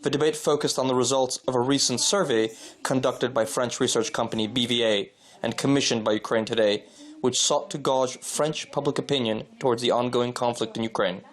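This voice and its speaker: Male news voice-over, mid-pitched, even formal read. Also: fairly quick. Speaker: news reporter. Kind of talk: scripted news narration.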